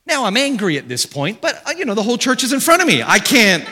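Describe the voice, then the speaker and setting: Bright-voiced pastor in a reverberant church. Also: male voice, fast talker. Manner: animated storytelling, jumps to high shouts for quoted voices. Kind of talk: sermon. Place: church stage.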